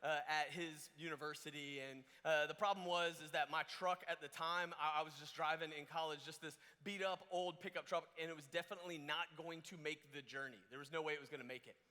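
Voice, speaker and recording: Bright-voiced man preaching in an echoing hall. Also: a little high, a little fast, hardly any pauses. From Georgia, US. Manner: animated, many restarts and fillers. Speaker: youth camp speaker. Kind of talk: storytelling sermon. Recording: long hall reverb.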